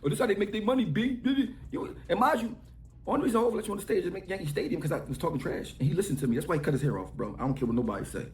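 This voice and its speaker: A middle-aged man launches into a rapid, heated rant, mocking and scolding without letting up. His voice sits high for a man and swings up and down with a lot of energy. It rings out in an echoey room. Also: lively intonation, darkish tone. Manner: mocking, scolding, trash-talking. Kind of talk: heated rant in a played clip.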